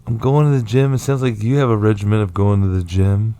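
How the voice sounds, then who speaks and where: Low-voiced man cracking teasing jokes. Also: fairly even intonation, dark tone, clean tone. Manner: teasing, quick jokey interjections. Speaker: podcast co-host. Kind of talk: casual comedic chat.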